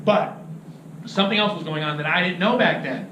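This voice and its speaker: A man teaching about fishing, telling an animated story, laughing often and acting out what people said. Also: sits high, a little fast. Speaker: fishing instructor. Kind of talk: anecdotal teaching talk. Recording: roomy, distant mic with noisy ambience.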